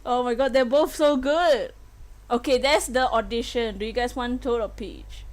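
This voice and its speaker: A woman's voice: fairly high pitch, normal speed. A young woman streaming a game live, giggly and playful, laughing often as she chats.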